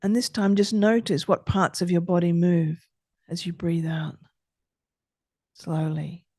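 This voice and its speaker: Slow, soothing woman guiding breathing. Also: fairly low pitch, little pitch movement, no echo, studio quality. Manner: slow, soothing, gentle instructions. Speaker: podcast host guiding breathing exercises. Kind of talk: calm guided breathing exercise.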